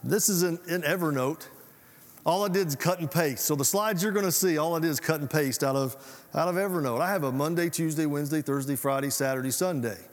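A man's voice: on the high side, fairly quick. A man preaching a sermon as pastor, folksy and conversational, often asking the congregation questions. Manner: folksy, conversational preaching with audience call-outs. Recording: reverberant hall sound.

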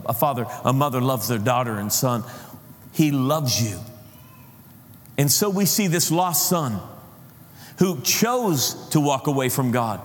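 A man preaching a sermon with passion, calling out questions to his congregation. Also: medium pitch. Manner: impassioned, calls out to the congregation. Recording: reverberant hall.

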